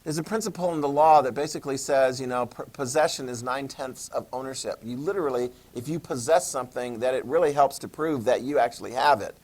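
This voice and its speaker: A man's voice: medium pitch, fast talker, few pauses, darkish tone. A man teaching a history class, joking and checking in with questions. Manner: jokey, asks the class questions, "okay?" checks. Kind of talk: classroom lecture.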